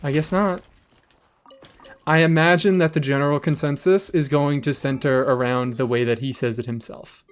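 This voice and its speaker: A man streaming a game live, chatting casually with his audience in an animated, rambling way and swearing freely. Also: on the high side, normal speed.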